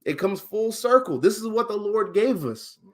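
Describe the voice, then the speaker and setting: A man teaching on a casual livestream. He talks with emphasis, asks questions, and counts things out loud. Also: sits high, lively intonation, normal speed.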